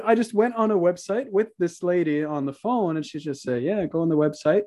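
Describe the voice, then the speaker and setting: A man's voice: sits high, brisk, mellow. A young man from Norway, telling a story as a podcast guest in a laid-back way, swearing and laughing a lot. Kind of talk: casual storytelling.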